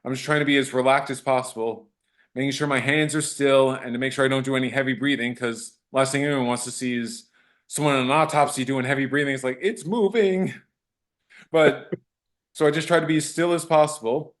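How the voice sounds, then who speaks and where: Speaking a little fast in a mid-range voice, a male actor being interviewed animatedly shares stories of meeting fans, performing the quotes and often starting sentences over in a casual way.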